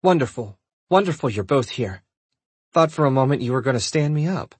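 A man's voice: medium pitch, animated, brisk, a little mellow, husky, no echo, pitched above the performer's own voice. A man voicing a dramatic, eager woman realtor in an audiobook, speaking with gushing flair.

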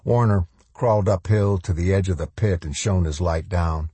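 A man narrating a novel in an audiobook with measured, even storytelling. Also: sits low, breathy edge, no room sound.

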